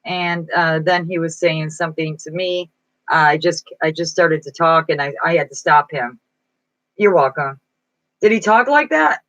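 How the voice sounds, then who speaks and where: A woman's voice: deep voice, normal speed, a bit bright, no room sound, poor audio. A woman chatting casually on a live stream as a psychic reader, reading viewers' comments aloud and answering them, sounding weak and foggy-minded. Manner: reads viewer comments aloud and chats back. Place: indoor room at home.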